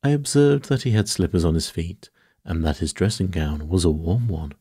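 A man's voice: low voice, lively intonation, moderate pace, dark tone, husky, no echo, clean studio sound, heavily acted. A man voicing a courteous, fussy elderly detective in a bedtime story reading, speaking formally with mild reproof. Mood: calm. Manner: formal, mildly reproving, polite.

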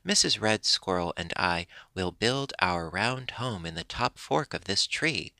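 A man's voice: low voice, expressive, unhurried, pushed and bright, no echo, exaggerated voice. A man reading the part of a polite, earnest red squirrel husband in a storybook.

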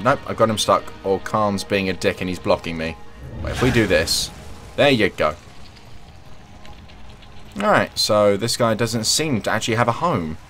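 A young man talks through his gameplay in a chatty, joking way, often addressing the characters on screen. His voice sits a little low but swings in lively pitch. Game music plays faintly beneath him. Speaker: let's play host. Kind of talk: casual gameplay commentary.

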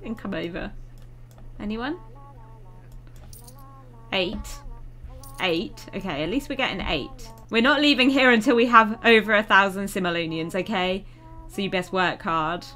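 A young woman talks her way through a life-sim game, chatty and self-mocking. Her voice is bright and forceful, at a medium pitch for a woman. She swears now and then when annoyed. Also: measured pace, long pauses, faint music behind. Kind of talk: casual gameplay commentary.

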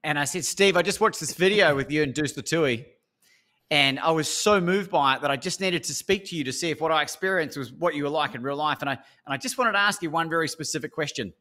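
A man's voice: fairly high pitch, fast talker, bright, forceful tone. An Australian man, a speaker and coach, telling a story as an interview guest and acting out the phone calls.

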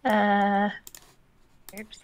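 A woman's voice: mid-range voice, monotone, very slow. A woman streaming a drawing game with friends, chatting casually, laughing at herself and reassuring the others. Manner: giggly, self-mocking, reassuring. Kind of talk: casual chat while playing a drawing game.

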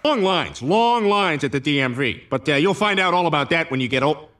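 A blustering, oafish cartoon dad, middle-aged and tactless. He sounds high and bouncy as he rambles on. His delivery is lively. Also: brisk, no echo, clean studio sound. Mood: blustery.

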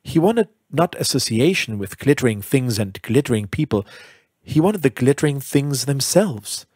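A man reading a classic short story aloud in measured, deliberate narration. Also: medium pitch, darkish tone, no echo, clean studio sound. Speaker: audiobook narrator. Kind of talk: scripted literary narration.

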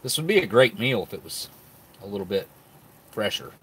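A man's voice: on the low side, sing-song, fairly quick, husky. A man chatting casually to his viewers while he tastes old food, sometimes talking with his mouth full. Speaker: food reviewer. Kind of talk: casual vlog talk to camera.

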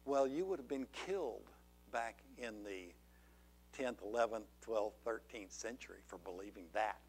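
A man's voice: lowish voice, normal speed, a little mellow, faint music behind. A man preaching a sermon as pastor, earnest and full of rhetorical questions to the congregation. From Georgia, USA. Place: church sanctuary.

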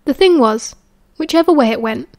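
A British woman narrating a story as an audiobook in a steady, even storytelling manner. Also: high-pitched, normal speed. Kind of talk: fan audiobook reading.

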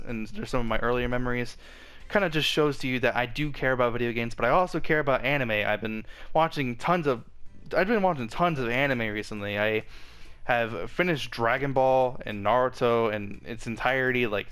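A man's voice: medium pitch, a bit bright, smooth. A young man hosting his channel, talking casually and rambling, with frequent restarts as he tries to say everything at once. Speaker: channel host. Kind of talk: casual vlog update.

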